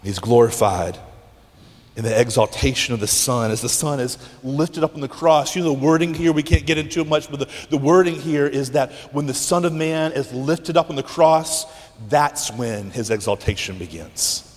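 A man pastor preaching a sermon in a church, emphatic and intense, with dramatic pauses and sudden hushes. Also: mid-range voice, long reverb tail.

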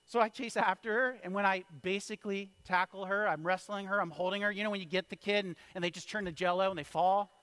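A man in his thirties preaching a sermon, telling a story with big swings from hushed lines to loud calls. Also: high voice, steady tone, quick pace, few pauses, clean tone, no echo. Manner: storytelling with wide swings in loudness, from hushed to shouted. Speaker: pastor.

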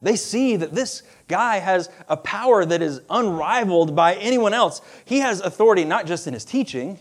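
A man preaching a sermon in a conversational, animated way, with asides and laughs. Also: high-pitched, normal speed. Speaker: pastor.

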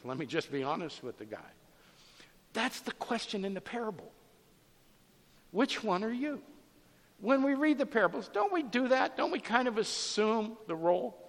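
A man preaching a sermon as a pastor, telling a personal anecdote in a lively, animated storytelling manner. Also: sits high, in a large hall.

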